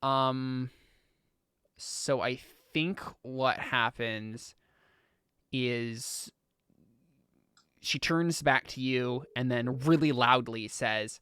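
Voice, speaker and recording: Game master, casual, halting. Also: medium pitch, fairly even intonation, fairly bright tone, clear, resonant tone, dry recording, studio quality. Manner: casual, hesitant, lots of fillers. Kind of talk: narrating a tabletop game.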